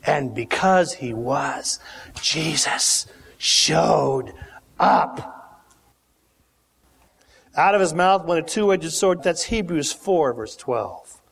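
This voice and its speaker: Slow, dramatic preacher man in a hall. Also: expressive, vocal fry, a bit bright. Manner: dramatic, acts out quotes with big pitch swings. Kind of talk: sermon. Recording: long hall reverb.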